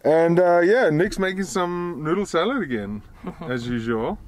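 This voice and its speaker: A man's voice: fairly high pitch, unhurried, no room sound. Chatty young man vlogging outdoors. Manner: chatty, jokey, relaxed narration to camera. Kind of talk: casual travel vlog. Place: outdoor bush campsite.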